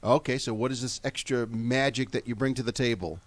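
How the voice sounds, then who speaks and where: A man's voice: medium pitch, a little fast. A man hosting a live business radio show, interviewing guests and reading sponsor messages in an upbeat way. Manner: upbeat, lively delivery with ad reads. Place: radio studio in a hotel.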